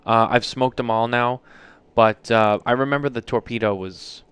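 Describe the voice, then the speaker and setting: A podcast host with a medium-pitched, clear, resonant voice, a bit bright, chats casually at normal speed with fairly even intonation. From a podcast studio lounge with no echo, he jokes, teases his co-hosts, and swears now and then.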